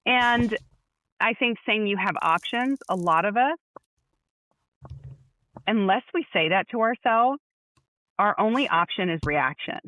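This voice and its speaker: A middle-aged woman co-hosting a podcast, chatting casually and telling stories in an animated way. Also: medium pitch, measured pace, long pauses, dry recording. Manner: animated storyteller, acts out quotes. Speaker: podcast co-host. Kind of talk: casual chat. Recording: dry, phone-like narrow sound.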